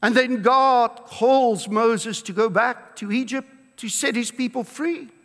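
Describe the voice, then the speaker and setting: A man with a very high, bright voice preaches an emphatic sermon. He takes his time, drawing out the words he wants to land. The church around him rings with a long reverb. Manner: emphatic preaching with slow, drawn-out stresses and quoted scripture. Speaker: pastor.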